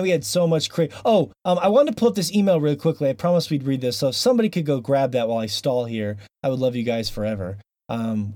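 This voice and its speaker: A man hosting a podcast in a casual chat. He talks in an animated, joking way that tends to ramble. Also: mid-range voice, no echo. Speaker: podcast host.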